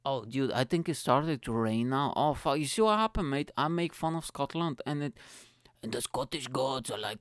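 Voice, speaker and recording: A man hosting his own podcast from his attic room, talking in an excitable, profane, joking monologue. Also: medium pitch, moderate pace, no echo. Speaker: podcast host. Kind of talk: casual solo podcast monologue.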